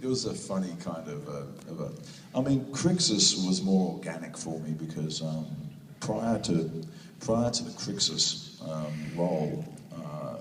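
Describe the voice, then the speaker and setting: A man's voice: deep voice, slight background noise. A man with a New Zealand accent answering fan questions at a convention panel, rambling through laughing anecdotes with many restarts. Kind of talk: casual storytelling Q&A answer. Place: large convention hall. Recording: echoey hall recorded from far off.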